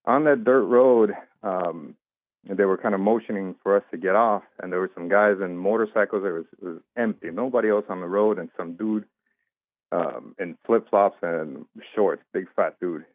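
Low-voiced man telling a story over a tinny line. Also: normal speed, dry recording. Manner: animated retelling, acts out quoted voices. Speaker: interview guest. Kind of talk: casual storytelling. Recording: dry tinny phone-like line.

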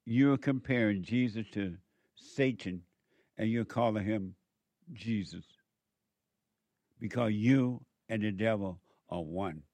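A man preaching a sermon, scolding and emphatic, with sudden swings in loudness and pitch. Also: slow, pauses often, no room sound.

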